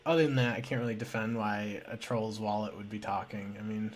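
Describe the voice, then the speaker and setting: A man co-hosting a casual book discussion podcast, chatty and quick to laugh. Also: lowish voice, fairly even intonation, slight background noise. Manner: chatty, laughs often, trails off. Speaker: podcast co-host.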